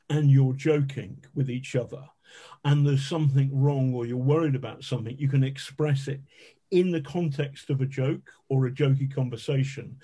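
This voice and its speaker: A middle-aged man with a husky, mellow voice spins frank, self-mocking war stories as a podcast guest. He swears casually and laughs at himself as he goes. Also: mid-range voice. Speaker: guest, investigative journalist. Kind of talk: conversational storytelling.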